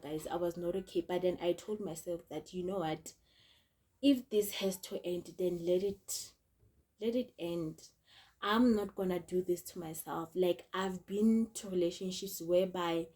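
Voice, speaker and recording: A woman's voice: lowish voice, warm tone. A young woman, telling a storytime vlog in a chatty way, repeating herself and often calling out to her viewers. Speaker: vlogger.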